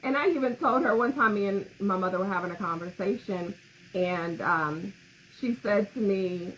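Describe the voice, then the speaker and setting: A woman's voice: medium pitch, moderate pace, fairly bright tone. A woman co-hosting a podcast on grief, talking candidly and emotionally, with frequent laughter. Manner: candid, emotional, laughs often, reads comments aloud. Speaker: podcast co-host. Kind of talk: casual podcast talk about grief. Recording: slightly muffled with faint background noise.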